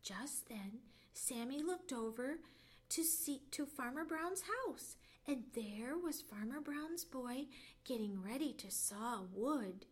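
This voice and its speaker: Slow, expressive woman storyteller. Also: high-pitched. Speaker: library storyteller. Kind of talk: children's bedtime story reading.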